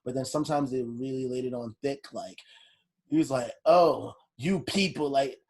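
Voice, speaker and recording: Profane, husky man telling stories. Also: medium pitch, a little fast. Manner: profane, animated storytelling. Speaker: podcast co-host. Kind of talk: casual chat.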